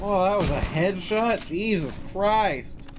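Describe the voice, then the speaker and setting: A streamer from California giving profane, animated live gameplay commentary, now and then slipping into a joking southern drawl. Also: medium pitch, slow pace, background noise. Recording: game music behind the voice. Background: game music and sound effects.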